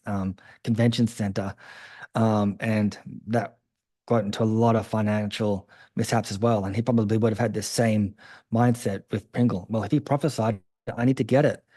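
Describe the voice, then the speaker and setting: A man's voice: lowish voice, dark tone, dry recording, clean studio sound. A man hosting an interview, asking probing follow-up questions. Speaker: host.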